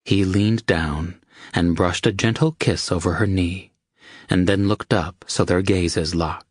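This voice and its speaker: A man narrating an audiobook with a steady, measured reading. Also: low voice, slightly rough, dry recording, studio quality. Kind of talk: scripted narration.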